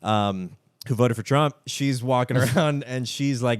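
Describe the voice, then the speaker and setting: A man's voice: mid-range voice, moderate pace, clean tone, dry recording, clean studio sound. A man, co-hosting a comedy podcast and telling a rambling story, acting out the people he overheard. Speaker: podcast co-host.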